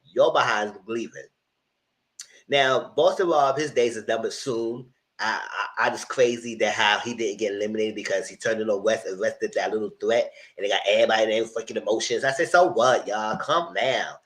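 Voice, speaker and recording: A man giving casual, animated commentary on reality TV, voice only, speaking straight to his viewers in slangy talk. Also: fairly low pitch, brisk, rough recording. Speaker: TV review host. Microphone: voice only, no camera.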